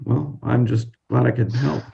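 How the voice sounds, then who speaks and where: A man narrating and playing a tabletop role-playing game in casual, halting speech full of restarts. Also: medium pitch, fairly even intonation, vocal fry, dark tone, highs cut off, a little hiss or hum. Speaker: game master and player.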